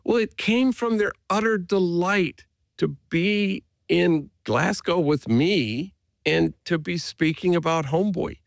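A man, a priest being interviewed, speaking earnestly and gently as he tells stories. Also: high-pitched, takes it slowly, creaky, no echo. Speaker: Jesuit priest, guest. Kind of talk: reflective conversational storytelling.

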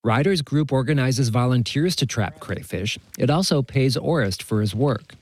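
A man filing a scripted radio news report with a measured, even delivery. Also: medium pitch.

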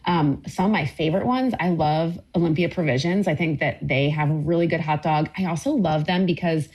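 Chatty, enthusiastic woman, lowish voice. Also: brisk, a little mellow, husky, highs cut off. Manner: enthusiastic, rambling with many fillers. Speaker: cookbook author guest. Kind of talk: casual interview chat.

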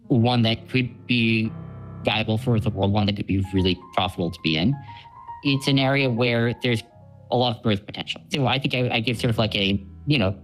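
A man's voice: lowish voice, poor audio. A man answering an interview question hesitantly, with many fillers and restarts.

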